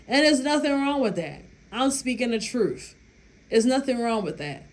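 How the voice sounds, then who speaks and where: A woman with a higher, sing-song voice moves at a moderate pace while offering relationship advice to her viewers. The talk is casual, blunt, and loaded with profanity, and she emphatically laughs through her own anecdote.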